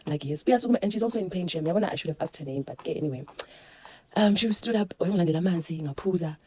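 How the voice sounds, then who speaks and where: South African woman, casual storyteller, husky, brisk delivery. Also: fairly low pitch. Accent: South African, Zulu-mixed English. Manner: animated, code-switching, laughing through a birth story. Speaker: vlogger.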